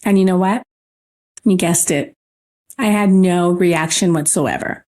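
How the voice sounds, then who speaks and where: A woman's voice: lowish voice, unhurried, a little mellow. Woman podcast host, spiritual talk, earnest and emphatic, storytelling.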